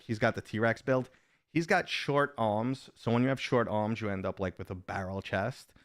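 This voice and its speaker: A man's voice: mid-range voice, no room sound, clean studio sound. A middle-aged man chatting casually on a live stream, rambling and joking while reading viewers' comments aloud.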